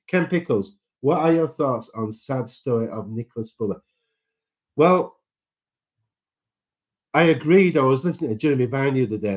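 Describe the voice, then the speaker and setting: A man's voice: lowish voice, darkish tone. A man hosting a casual live chat, reading out viewer comments and greeting people by name in a sentimental way.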